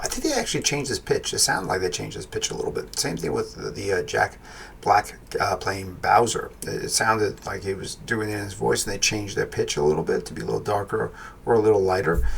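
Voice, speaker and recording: Gravelly low-voiced man hosting a film review. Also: a little hiss or hum. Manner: unscripted, hesitant, many fillers and restarts. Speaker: podcast host, film reviewer. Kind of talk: casual spoken film review.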